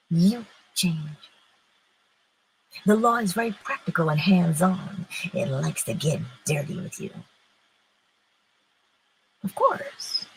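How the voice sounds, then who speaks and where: A woman's voice: on the low side, darkish tone, a little hiss or hum, rough recording. A woman hosting a live-streamed morning inspiration talk. She mixes emphatic preaching with casual chat, answers viewers' comments and laughs often.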